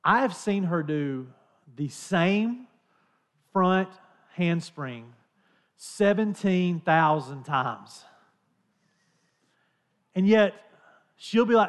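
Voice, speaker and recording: Man preaching in a casual, lively way. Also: high voice, extremely slow, long pauses. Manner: conversational, animated storytelling. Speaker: pastor. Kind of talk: sermon.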